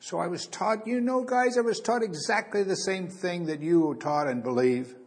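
Man teaching scripture in an animated sermon. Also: high voice, normal speed, few pauses. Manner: conversational, reads scripture aloud with dramatic emphasis. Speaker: preacher.

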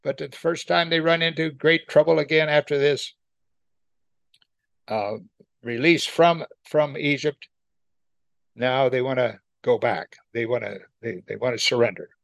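A man's voice: medium pitch, measured pace, creaky, fairly bright tone, dry recording. A man leading a Bible study, reading scripture aloud and explaining it in plain conversational talk, often asking his listeners questions. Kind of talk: verse-by-verse Bible teaching.

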